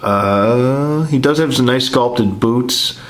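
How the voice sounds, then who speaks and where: A man's voice: mid-range voice, slow. A man reviewing an action figure in a casual vlog, rambling with many fillers and restarts while he is losing his voice. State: losing his voice, throat clearing.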